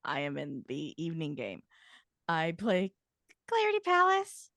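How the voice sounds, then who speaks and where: A woman's voice: sits low, expressive, unhurried, no room sound, studio quality. A woman giving a chatty, giggly self-introduction as a tabletop player and game master on a stream.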